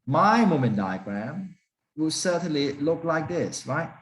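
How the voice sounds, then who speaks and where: Guy teaching a structures class, pretty high voice, talks real slow, keeps quizzing the room. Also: very animated. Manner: asks students questions, repeats and stresses points. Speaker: lecturer. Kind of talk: classroom lecture.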